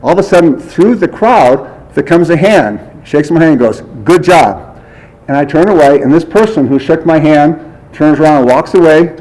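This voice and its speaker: A man's voice: on the high side, a little mellow, slight background noise, poor audio. Chuckling storyteller man at a memorial. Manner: chatty storyteller who acts out dialogue and chuckles often. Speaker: friend giving a eulogy. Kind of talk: memorial speech, anecdotal storytelling. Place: memorial service gathering.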